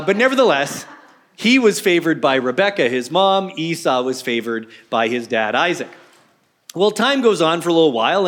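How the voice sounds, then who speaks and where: A man's voice: on the high side, fairly bright tone. A man preaching a casual sermon as a pastor, telling the story in a chatty way with joking asides.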